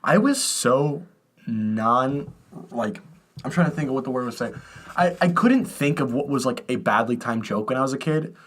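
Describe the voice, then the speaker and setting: A young man co-hosting a podcast, telling childhood stories in casual chat with laughs and excited jumps in his voice. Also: moderate pace. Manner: animated storytelling, laughing, pitch jumps when excited. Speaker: podcast co-host. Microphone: podcast microphone.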